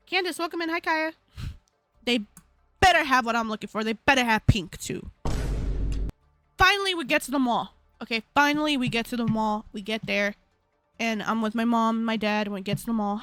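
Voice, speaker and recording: A young woman hosting a live stream, telling a story in a slangy, animated way and laughing often. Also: a little high, moderate pace, long pauses, dry recording, faint music behind. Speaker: livestream host.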